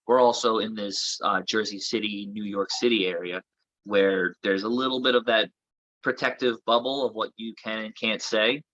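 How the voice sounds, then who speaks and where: A man's voice: fairly low pitch, steady tone, normal speed, fairly bright tone, no echo, muffled recording. A man from Florida, a comedian guest chatting casually in a podcast interview, rambling with lots of filler words. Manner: rambling, filler-heavy talk.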